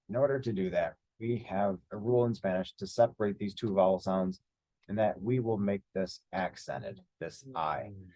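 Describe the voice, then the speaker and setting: Low, mellow male Spanish teacher. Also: moderate pace. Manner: patient, explains step by step with fillers. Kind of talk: screen-share grammar lesson.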